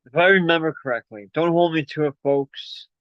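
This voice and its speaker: A man's voice: on the high side, a little fast, dry recording. A man hosting a casual livestream, chatty and rambling, out of breath from running up and down stairs. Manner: rambling, chatty, plugging merch. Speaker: livestream host. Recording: dull lo-fi call audio.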